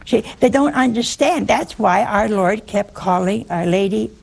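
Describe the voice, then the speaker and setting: A woman's voice: mid-range voice, measured pace, gravelly, slightly rough. A woman preaching a conversational sermon, teasing and humorous, often asking listeners questions.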